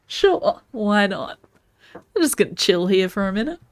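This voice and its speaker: A woman's voice: mid-range voice, no room sound. A woman streamer giving casual gameplay commentary, musing and thinking aloud as she plays. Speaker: game streamer.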